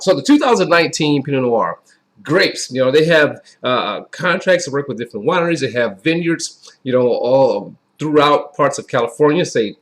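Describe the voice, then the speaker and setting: A man giving a casual, chatty wine review in a folksy way that often repeats itself. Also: a little high. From Wisconsin.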